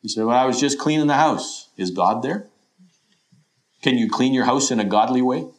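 A man's voice: medium pitch, moderate pace. Earnest preaching man. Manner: earnest, questioning preaching with quoted imagined voices. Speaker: pastor. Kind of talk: sermon.

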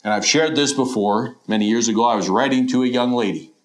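A man's voice: medium pitch, brisk. Earnest preaching man. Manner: earnest, questioning preaching with quoted imagined voices. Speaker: pastor. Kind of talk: sermon.

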